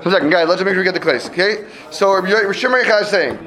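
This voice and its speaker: A man's voice: high voice, racing, bright, forceful tone. A man teaching a classroom Talmud lesson, explaining step by step and checking in with students often.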